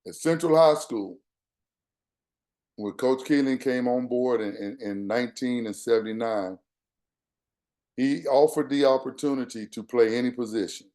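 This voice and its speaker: A man's voice: mid-range voice, moderate pace, long pauses, warm tone. An older man from Texas, a guest speaker telling a personal story in an earnest, conversational way, quoting the people in it. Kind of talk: storytelling talk.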